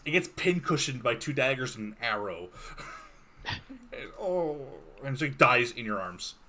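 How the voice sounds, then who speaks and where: Bright-voiced, laughing man running the game. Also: mid-range voice, lively intonation, normal speed. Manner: laid-back, laughing often, playful narration. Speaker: game master. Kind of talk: running a tabletop game over voice chat.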